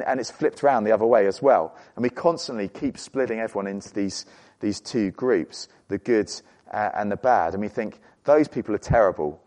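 A man preaching a sermon, earnest and animated, often repeating words as he goes. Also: fairly low pitch.

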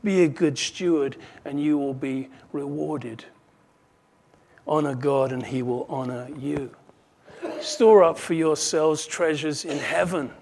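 A pastor giving a sermon, earnest and emphatic, repeating phrases for effect. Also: male voice, fairly high pitch, slow pace, gravelly, darkish tone, a little hiss or hum.

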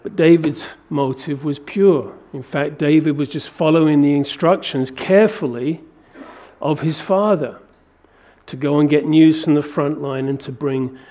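A man preaching a sermon to a congregation, animated and acting out biblical dialogue in a raised voice. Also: on the high side, a little slow. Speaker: pastor.

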